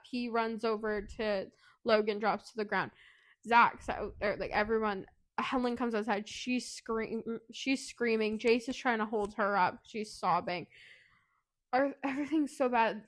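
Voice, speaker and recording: A woman's voice: on the high side, a bit bright. A young woman co-hosting a book podcast, retelling a plot emotionally with swearing, fighting back tears. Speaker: podcast co-host. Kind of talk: casual book review chat.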